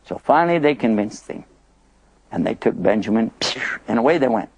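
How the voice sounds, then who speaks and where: Man telling a story, lively and gravelly. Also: medium pitch, a little fast, no room sound. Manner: chatty, playful, dramatic. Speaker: Islamic storyteller. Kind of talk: animated story narration.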